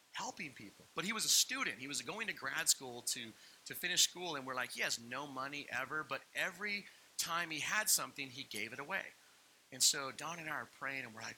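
A man's voice: medium pitch, pushed and bright, slight background noise, rough recording. A man preaching a sermon as pastor, telling stories with playful asides and acted-out quotes. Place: church hall.

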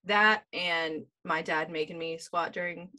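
A woman in her thirties chatting casually, telling animated stories and laughing often. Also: on the low side, a little slow. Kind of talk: casual chat.

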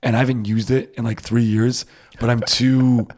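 A man's voice: mid-range voice, level tone, normal speed, a little mellow. A man from Rhode Island chatting casually, rambling and self-deprecating, with lots of fillers. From Rhode Island, USA. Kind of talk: casual chat. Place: Berlin.

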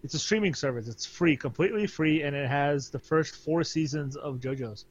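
Podcast co-host, male, slightly high voice, easygoing chatter, muffled lo-fi mic. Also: moderate pace, breathy edge. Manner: laughs often, relaxed and chatty. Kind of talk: casual chat.

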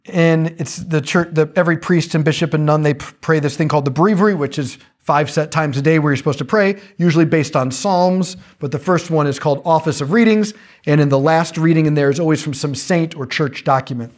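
A man giving a casual, conversational talk on faith, animated, with jokey asides. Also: fairly high pitch, a little fast.

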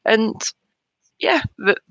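A woman in her thirties, a bereaved mother in an interview, talking in a hesitant, halting way with soft laughs between thoughts. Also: dry recording, lo-fi sound. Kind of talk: emotional personal conversation.

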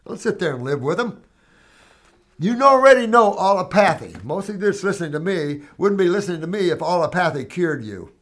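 A man's voice: a little high, fairly bright tone. A man hosting a question-and-answer show, talking in a blunt, emphatic, folksy way as he answers viewers. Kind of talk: casual Q&A monologue.

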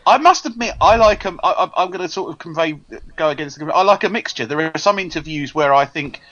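A man chatting on a podcast, his voice sitting slightly high. He talks freely and often trips over his first words. The recording sounds dull and lo-fi. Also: animated, fast talker, bright, forceful tone. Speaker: podcast co-host. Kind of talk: casual chat.

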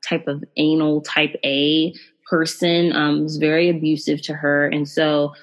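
Low-pitched and level in tone, this woman speaks a little slowly over lo-fi sound. As a podcast host she reviews films in casual, animated chat, often using fillers and turning aside to address listeners directly.

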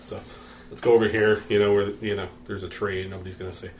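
A man's voice: fairly low pitch, little pitch movement, a little fast, a little hiss or hum. A man acting as game master in a casual tabletop game session, telling a crude joke and laughing at his own lines. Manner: laughs at his own jokes, breaks into giggles.

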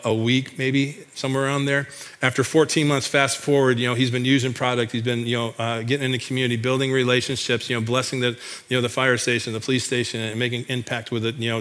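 With medium pitch and a fairly bright tone, a Michigan missionary addresses a congregation about what he does. His delivery is enthusiastic and folksy, with many restarted sentences.

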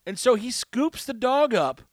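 An extremely high-pitched, expressive male voice at a measured pace hosts a show, rambling through a wry, self-mocking story. It's a casual storytelling monologue on a close mic, with no echo.

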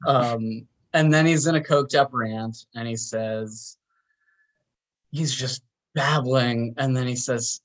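A man from Long Island casually recapping a film on a podcast, acting out the characters' lines. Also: takes it slowly. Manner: laid-back, chatty, acts out characters' lines with big jumps in pitch. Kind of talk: casual chat.

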